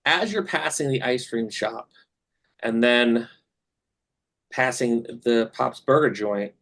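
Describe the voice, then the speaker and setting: A man's voice: mid-range voice, slow, fairly bright tone. A man running a tabletop game as game master, narrating scenes with many fillers and hesitations.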